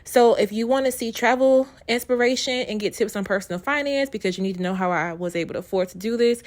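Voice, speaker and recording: A woman hosting a casual travel vlog, chatty and teasing, recorded outdoors at a wildlife park on a handheld camera. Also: fairly high pitch. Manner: chatty, joking, teasing banter. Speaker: travel vlogger.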